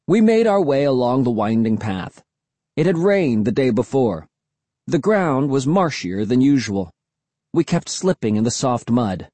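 Husky man narrating an audiobook. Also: medium pitch, a little slow, no room sound. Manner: expressive storytelling.

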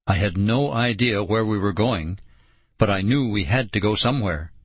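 A man narrating an audiobook in a slow, dramatic storytelling manner. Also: on the low side, no room sound.

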